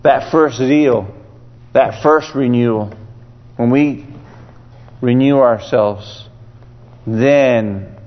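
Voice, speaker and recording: Male preacher, slow exhorting delivery, muffled and reverberant church recording. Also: mid-range voice. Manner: exhorting, repetitive calls to renew. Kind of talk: sermon. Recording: dull sound with long hall reverb.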